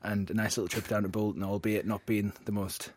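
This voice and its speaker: A breathless man talks football as a podcast guest, quick and eager. His voice is fairly low and fast. The sound is dry and close. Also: little pitch movement, no room sound. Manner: enthusiastic, quick. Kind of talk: casual football chat.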